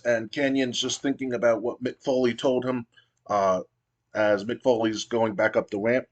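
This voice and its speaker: A man casually narrating a wrestling sim playthrough with many fillers and restarts. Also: medium pitch. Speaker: gamer playing a wrestling sim. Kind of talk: casual let's-play narration.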